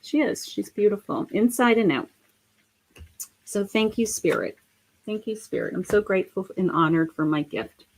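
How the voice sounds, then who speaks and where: A middle-aged woman giving a live psychic reading, speaking gently and emotionally with many pauses and fillers. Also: mid-range voice, slight background noise. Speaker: psychic medium.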